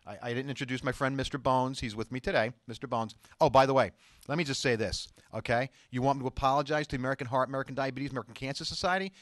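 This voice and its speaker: A man's voice: mid-range voice, fairly even intonation, racing, fairly bright tone, dry recording, clean studio sound. A man hosting his own talk show as a doctor, speaking emphatically and insistently and reading viewer emails aloud. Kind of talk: studio talk show monologue.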